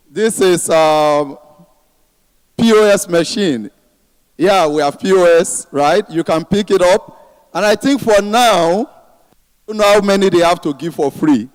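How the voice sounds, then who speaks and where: Nigerian man on stage in a reverberant hall, clear and a touch high. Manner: chatty, informal asides. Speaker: speaker representing a bank. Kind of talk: conference address. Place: large conference hall. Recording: long reverb of a big hall.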